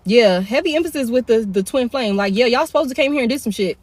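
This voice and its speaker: A woman's voice: fairly high pitch, expressive, quick pace, no echo. Blunt, profane woman tarot reader. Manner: blunt, profane and repetitive, with heavy slang. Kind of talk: casual live tarot reading. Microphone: phone.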